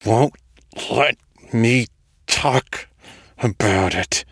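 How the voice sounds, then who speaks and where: A man voicing a frail, sickly young man who rasps and whispers in short, halting, strained phrases. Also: fairly low pitch, a bit bright, no echo, studio quality, full character voice. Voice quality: raspy, breathy whisper. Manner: strained, halting, forced through the teeth.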